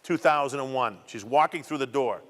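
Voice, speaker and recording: Speaking to students at a community program hall, a middle-aged guest tells his own story emphatically, repeating much of it. He has a medium-pitched, slightly bright voice at normal speed, recorded with long hall reverb.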